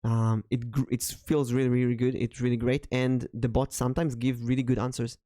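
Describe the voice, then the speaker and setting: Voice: mid-range voice, little pitch movement, brisk, warm tone, no echo, studio quality. Brief: frank, blunt streamer co-host, mid voice, jokey, casual podcast delivery.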